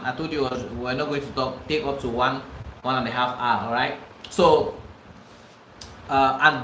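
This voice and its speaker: A man's voice: on the high side, bright, forceful tone, reverberant, a little hiss or hum, rough recording. A man with a Cameroonian English accent teaching a live online real estate class, emphatic and repeating himself for stress. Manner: emphatic, repeats phrases, pleading asides.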